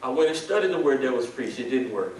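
A man preaching a sermon as pastor, moving from quiet pleading to shouted prayer. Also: mid-range voice, big pitch swings, quick pace. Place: church sanctuary. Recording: echoey church hall, mic at a distance.

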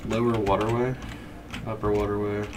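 A man's voice: on the low side, flat delivery, normal speed, far from the mic, background noise. A man playing a horror game and thinking aloud as he explores. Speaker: let's play player. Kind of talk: casual gaming commentary.

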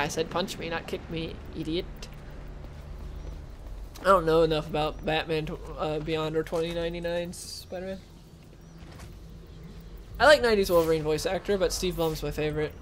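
A man's voice: a little high, a little hiss or hum. Chatty young man rambling over gameplay. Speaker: gaming channel host. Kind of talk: casual let's-play commentary.

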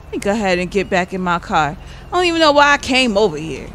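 Lively, bright-voiced woman gamer. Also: sits high, fairly quick, a little hiss or hum. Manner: animated, chatty, exclaims and laughs to viewers. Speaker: gaming YouTuber. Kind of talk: casual gameplay commentary.

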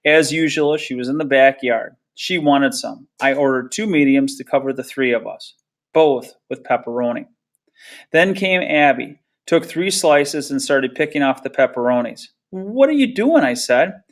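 A man reading a novel aloud chapter by chapter in a steady, plain storytelling manner. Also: mid-range voice, moderate pace. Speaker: reader.

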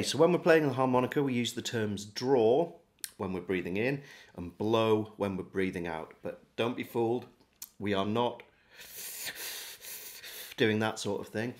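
A man giving a relaxed, step-by-step beginner harmonica lesson. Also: fairly low pitch. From England. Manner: friendly, relaxed step-by-step demonstrating. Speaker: harmonica teacher. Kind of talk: casual video lesson.

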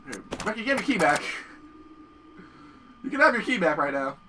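A man casually commentating on a horror video game as he plays, excitable and swearing often. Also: sits high, fairly quick, far from the mic, background noise. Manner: excitable, profane, yells at the game. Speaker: gameplay commentator. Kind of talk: casual let's-play commentary.

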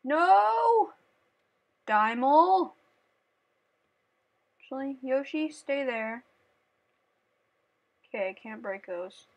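A woman playing a platform game on camera, chatting playfully and breaking into shrieks and yells as she plays. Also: high voice, lively intonation, extremely slow, creaky, long pauses. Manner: playful, talks to the game and her cat. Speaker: gaming channel host. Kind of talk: let's play commentary.

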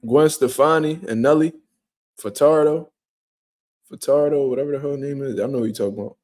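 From a quiet room at home, a young man hosts a livestream, speaking a little fast in a mid-range voice. He chats casually and reacts to viewer comments in loose, laid-back, profanity-heavy slang.

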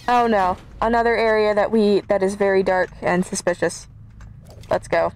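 A woman's voice: mid-range voice, moderate pace, clean tone, poor audio. A woman streaming a horror game, chatting to viewers and easily scared as she plays. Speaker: gaming YouTuber. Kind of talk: let's play commentary.

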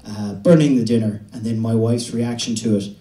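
A young man from the west of Ireland with an Irish accent, doing a stand-up set in a halting, deadpan way with many restarts. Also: medium pitch. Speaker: stand-up comedian. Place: comedy venue stage. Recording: roomy venue recording from a distance.

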